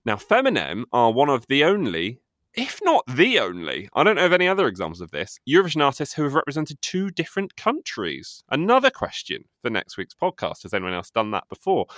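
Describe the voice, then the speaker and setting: A man's voice: mid-range voice, fairly bright tone, no echo, clean studio sound. A man co-hosting a podcast in casual chat, running a quiz with a teasing, playful delivery. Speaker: podcast co-host.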